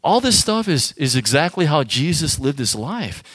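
A man's voice: on the high side, big pitch swings, normal speed, a bit bright, slightly rough, no echo, studio quality. A man giving an informal sermon to a youth group as their pastor, talking directly and emphatically to the audience.

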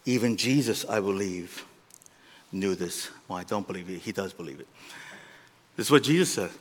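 A man preaching a sermon as a pastor, with animated delivery that swings between loud peaks and quiet asides. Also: low voice, normal speed. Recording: long reverb of a large hall.

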